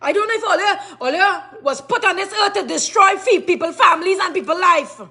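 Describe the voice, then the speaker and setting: A woman's voice: extremely high pitch, animated, a little fast, sharp tone. A woman with a Trinidadian accent in an angry rant to camera, cursing and firing off repeated questions. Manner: furious, cursing, repetitive questioning.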